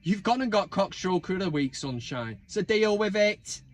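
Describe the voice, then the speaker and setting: A man's voice: sits high, normal speed, few pauses, faint music behind. A man hosting a football fan video channel, ranting and mocking with lots of swearing. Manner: sweary, mocking, animated rant. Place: inside a van.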